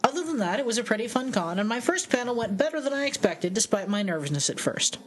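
A woman reading a listener letter aloud on a podcast, brisk and steady. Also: a little high.

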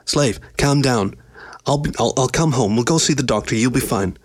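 A man's voice: medium pitch, normal speed, dry recording, studio quality, natural voice. A man voicing a male lion in a storybook reading, terse and guarded, often mumbling. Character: male lion, gruff, defensive and devoted.

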